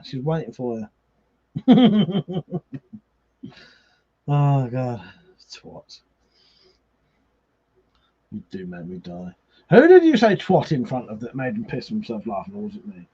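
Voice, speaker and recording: A man's voice: on the high side, sing-song, unhurried, dark tone, breathy edge. A drunk man hosts a livestream, chatting casually, reading out viewer comments, swearing freely and laughing often. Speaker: livestream host. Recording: slightly muffled livestream audio.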